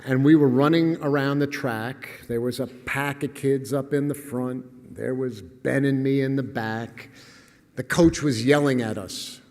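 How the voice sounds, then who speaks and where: A man's voice: medium pitch, steady tone, unhurried, a little mellow. Wry older man in a lecture hall. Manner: wry, self-deprecating, with chuckles. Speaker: guest speaker. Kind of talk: humorous storytelling lecture.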